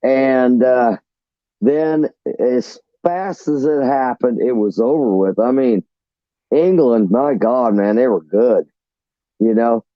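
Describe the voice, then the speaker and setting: A man's voice: medium pitch, slow, no echo, dull audio. A man casually telling rambling, profane stories about his navy days on a live chat.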